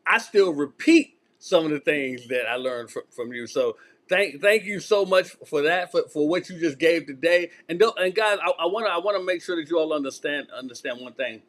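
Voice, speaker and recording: A man's voice: fairly high pitch, lively intonation, fairly bright tone. A man hosting a show, praising his guest effusively and stumbling through restarts as he talks. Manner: effusive, halting with many restarts. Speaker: host. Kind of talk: casual chat.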